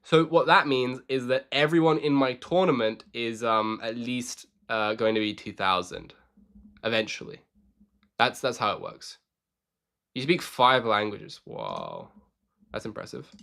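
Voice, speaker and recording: A man's voice: mid-range voice, expressive, unhurried, gravelly, a bit bright. A young man chatting casually with his live-stream audience while playing chess, joking and answering questions.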